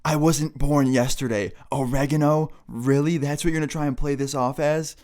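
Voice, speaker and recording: A man's voice: fairly high pitch, steady tone, moderate pace, a little mellow, voice pushed up, close to an everyday voice. A man putting on a scolding suspicious mom. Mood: angry scolding. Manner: scolding, disbelieving. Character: angry suspicious mother catching teens.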